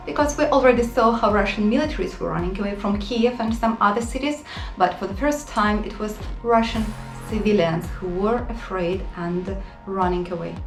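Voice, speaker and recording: A woman's voice: fairly high pitch, roomy sound, poor audio. A woman from Ukraine with a Ukrainian accent, hosting her channel and giving passionate, sarcastic commentary in English. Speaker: channel host.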